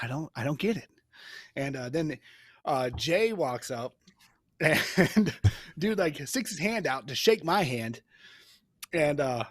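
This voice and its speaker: A man's voice: on the high side, breathy edge, dry recording, studio quality. A young man, a podcast co-host, telling rambling, profane stories in casual chat. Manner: rambling, swears, laughs while telling stories.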